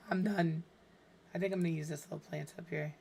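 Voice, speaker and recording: A woman streaming a game, hoarse with her voice fading, chatting tiredly and muttering to herself as she builds. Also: low-pitched, darkish tone, a little hiss or hum. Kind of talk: casual gameplay streaming chat.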